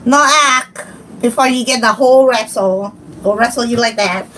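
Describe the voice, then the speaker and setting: A woman's voice: on the high side, moderate pace, background noise. A young woman, hosting a casual livestream and chatting in a giggly, scattered, playful way. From Hawaii. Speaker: livestream host.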